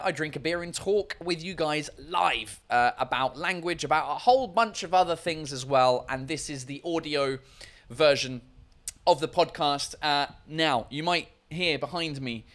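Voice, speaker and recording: A man's voice: fairly high pitch, a bit bright. A man hosting a casual live-stream podcast, rambling and swearing freely as he chats from a hot room with a fan running. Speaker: podcast and livestream host.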